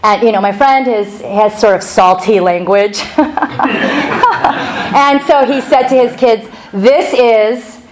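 A middle-aged woman pastor opening a sermon with a chatty, animated personal story, laughing now and then. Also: medium pitch, unhurried, crowd noise, rough recording.

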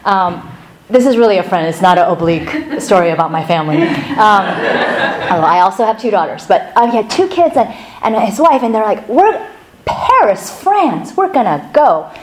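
A middle-aged woman pastor opening a sermon with a chatty, animated personal story, laughing now and then. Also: mid-range voice, a little fast, a crowd in the background, poor audio.

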